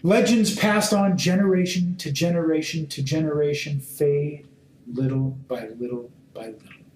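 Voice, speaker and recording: A man teaching a sermon and reading scripture aloud, speaking in short, deliberate phrases and pressing his listeners with emphatic questions. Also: fairly high pitch, a little mellow, slight background noise. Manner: slow, deliberate phrasing in short measured fragments. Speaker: Bible teacher. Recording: roomy echo.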